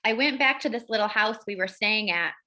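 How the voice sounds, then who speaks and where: Bright-voiced woman hosting a wellness call. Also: medium pitch, expressive, fairly quick. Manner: rambling storytelling with many fillers. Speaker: wellness group host. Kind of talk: casual chat on a video call. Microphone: video call.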